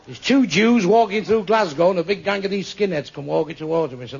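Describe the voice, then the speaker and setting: A man doing stand-up, telling crude jokes with lots of swearing in a deadpan way. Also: sits high, a little fast, husky. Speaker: comedian. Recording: muffled lo-fi with faint ambience.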